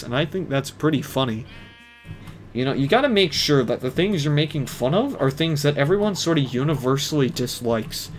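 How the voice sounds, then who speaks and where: Wry, mock-pompous male game streamer. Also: mid-range voice. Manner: ironic, mock-pompous self-deprecating humor. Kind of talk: casual live-stream commentary.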